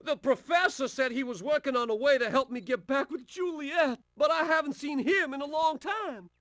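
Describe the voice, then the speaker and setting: A man's voice: extremely high pitch, normal speed, fairly bright tone, no echo, clean studio sound. A man voicing a lovesick male slug soldier from a video game, speaking in a theatrical, mocking way. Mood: lovesick, scornful.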